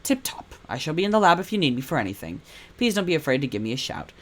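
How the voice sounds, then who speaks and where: A man's voice: a little high, very animated, fast, a bit bright, voice pushed up. Man voicing a fussy, courteous British professor vet; game read-through. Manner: genteel, old-fashioned phrasing.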